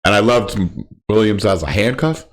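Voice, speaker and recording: A laid-back man with a low voice chats about sports on a podcast. He gives his opinions freely and swears casually. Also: moderate pace. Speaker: podcast co-host.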